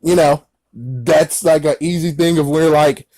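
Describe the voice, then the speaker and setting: A man giving a casual movie recap as a reviewer, excitable and rambling, breaking into exclamations as he talks. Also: a little high, normal speed, no echo.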